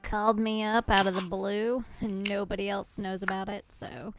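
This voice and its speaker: A woman's voice: mid-range voice, level tone, moderate pace, over music. A woman recapping a tabletop game in a chatty, giggly way, often interrupting herself.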